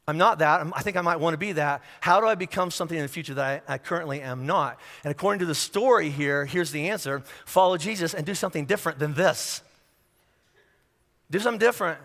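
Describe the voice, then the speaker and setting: High bright-voiced pastor, joking sermon. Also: male voice, expressive, a little fast. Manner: conversational and humorous, acting out little scenes. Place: large church hall. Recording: echoey church hall.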